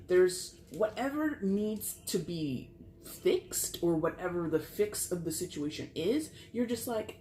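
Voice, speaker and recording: A tarot reader talks through a spread in a loose, casual way, swearing and slipping into acted-out bits. The voice sits in a middle pitch. It is recorded in a roomy space with a faint hum of background noise. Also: animated, slow pace, mellow. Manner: chatty, profane, acts out quotes.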